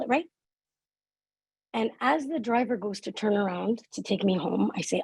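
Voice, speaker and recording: A woman's voice: fairly high pitch, lively intonation, normal speed, a little mellow, slightly rough, no room sound, poor audio. A middle-aged woman giving a talk, telling a personal story in an earnest, self-deprecating way. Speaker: keynote speaker.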